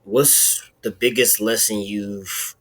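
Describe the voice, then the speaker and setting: Low, flat-voiced young man. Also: slow pace. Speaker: son asking a question.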